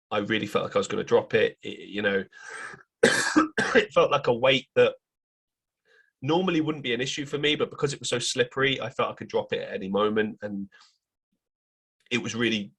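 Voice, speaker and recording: A young man hosts his podcast and tells a long story in a relaxed, chatty way. His voice sits low and sounds a little breathy. He jumps into higher, livelier voices when he quotes other people. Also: moderate pace, pauses often. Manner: animated retelling, quoting others in raised voices. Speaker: podcast host. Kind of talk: casual storytelling monologue.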